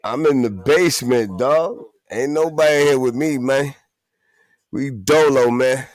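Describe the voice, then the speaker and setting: A man hosts a live show alone in his basement and chats in a laid-back, slangy way, often laughing. His voice is mid-pitched, and the sound is dry and close. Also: a little slow, no room sound. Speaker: host. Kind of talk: casual live-stream chat.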